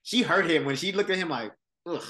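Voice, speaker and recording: Male podcast co-host, animated swings in pitch, loose and profane, casual chat. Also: fast talker. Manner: profane, animated, says "bro".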